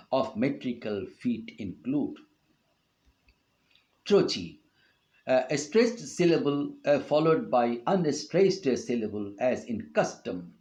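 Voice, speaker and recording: A middle-aged man with an Indian English accent giving an online university lecture on poetry, speaking slowly and often pausing on "uh". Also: medium pitch, darkish tone. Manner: slow, hesitant delivery with frequent "uh" fillers. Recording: dull lo-fi online class audio.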